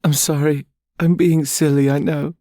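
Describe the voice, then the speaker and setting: A man's voice: a little high, level tone, moderate pace, mellow, no room sound, clean studio sound, voice pushed up, close to an everyday voice. A man voicing a weepy young mother, crying and gulping through her words. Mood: tearful. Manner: gulping, sobbing, overwhelmed.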